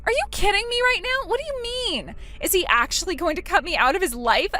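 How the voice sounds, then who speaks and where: A petty young sister-in-law with a high, swooping voice, as a woman acts her out. She talks in a mocking, whiny way over faint background music. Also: expressive, brisk, sharp tone, exaggerated voice. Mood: shocked. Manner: mocking, pleading by turns. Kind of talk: texting story voice acting.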